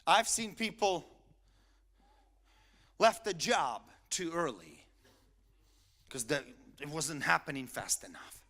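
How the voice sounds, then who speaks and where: A male pastor preaching a sermon, swinging from quiet asides to loud, emphatic peaks. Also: on the high side, big pitch swings, slow pace, pauses often.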